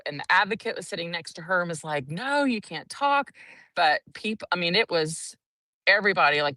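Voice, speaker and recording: A woman's voice: on the low side, sharp tone, dry recording, recorded from a distance. A woman, casually recapping a trial day and acting out the quotes in a chatty, breathless way. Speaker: courtroom trial reporter.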